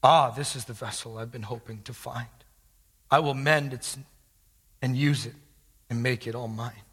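Gentle master figure in a storybook poem, husky and tender, read aloud by a preacher, heard in a hall with a long echo. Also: male voice, mid-range voice, steady tone, moderate pace. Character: gentle male master choosing a vessel.

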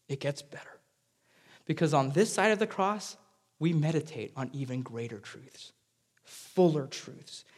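A man preaching a sermon, swinging from hushed, whispered phrases to emphatic, raised climaxes. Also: on the high side. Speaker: pastor.

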